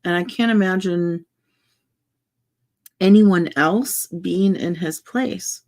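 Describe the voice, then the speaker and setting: A young woman chatting casually while building a wooden puzzle, rambling and soft-spoken with many fillers and restarts. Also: on the low side, slow pace. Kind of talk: casual chat while crafting.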